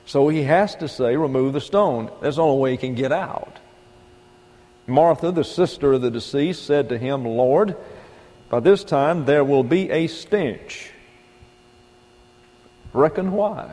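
A man preaching with a mellow, dark-toned voice, his folksy sermon full of rhetorical questions and punchy emphasis. The sound carries a long reverb, as if caught in a large hall. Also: medium pitch, expressive, measured pace. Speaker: pastor.

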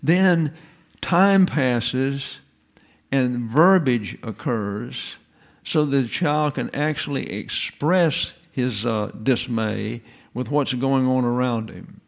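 A man's voice: medium pitch, slow, vocal fry. A man giving an informal lecture in a folksy, digressive way, full of rhetorical questions.

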